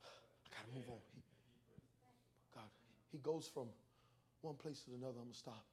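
A male pastor preaching a sermon with comic stories, animated, with stammering restarts that build into shouts. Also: medium pitch, moderate pace.

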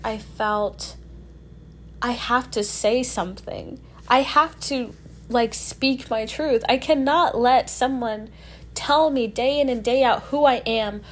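A young woman telling her own story frankly, swearing often and filling her speech with "like". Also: fairly high pitch. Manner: frank, profane, lots of "like" fillers. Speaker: guest sharing a personal story. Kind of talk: candid personal storytelling.

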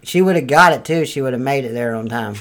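A man's voice: medium pitch, brisk, a bit bright, close to an everyday voice. A man playing a crude, foul-mouthed redneck landlord from North Carolina, blustering through an improvised comedy sketch. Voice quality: profane, blustering, drawling. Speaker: comedy podcast character.

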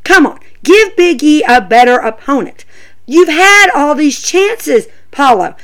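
A woman with a fairly high voice that leaps up and down as she rants. She talks in a loose, casual way, full of "you know" and "come on". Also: measured pace. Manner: animated, ranting, lots of fillers. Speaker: podcast host. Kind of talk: casual wrestling commentary.

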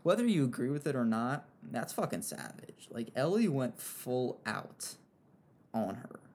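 A young man giving casual, rambling commentary on an online feud, with frequent fillers and animated asides. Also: medium pitch, unhurried, slight background noise. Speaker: commentary host.

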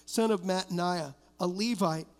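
A man's voice: high-pitched, normal speed. A middle-aged male pastor preaching an emphatic sermon, weaving personal stories into declarations. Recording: long reverb of a church hall.

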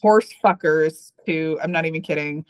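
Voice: mid-range voice, normal speed, smooth. A podcast co-host who reads a personal essay aloud and then chats casually, candid and profane, with rambling asides.

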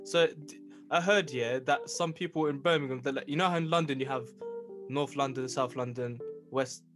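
A young man co-hosting a loose podcast chat, joking in slang and laughing often, his voice at a middling pitch. Clear guitar music plays beneath him. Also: moderate pace. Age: young adult. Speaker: podcast co-host. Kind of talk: casual chat.

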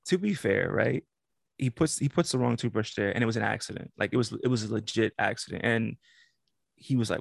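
A man telling a story in casual podcast chat, animated and laughing, acting out the quotes. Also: medium pitch, quick pace, vocal fry, dry recording, studio quality.

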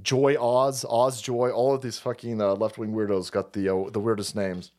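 A man's voice: on the low side, little pitch movement, normal speed, darkish tone. A man hosting a live stream, ranting in heated, profane, mocking bursts and rambling with restarts and chuckles.

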